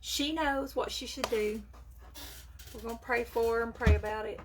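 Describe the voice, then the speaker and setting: A woman with a slightly high voice and fairly even intonation speaks at normal speed against a noisy background. She's doing her makeup on a casual live stream from home, chatting with viewers and greeting them by name, picked up by a phone or webcam.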